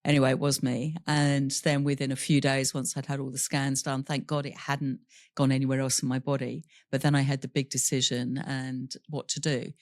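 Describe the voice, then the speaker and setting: A woman's voice: a bass voice, flat delivery, moderate pace, dry recording. Candid woman retelling a hard story. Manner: candid, laughs through painful memories; voices other people in quoted dialogue. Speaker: podcast guest. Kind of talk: personal storytelling in an interview.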